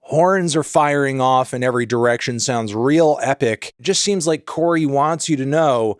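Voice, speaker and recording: A male music critic talking to camera in a casual review, with a mid-pitched voice. He jokes and suddenly jumps up in pitch when he gets animated. The sound is dry and close. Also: normal speed, clear, resonant tone, no room sound.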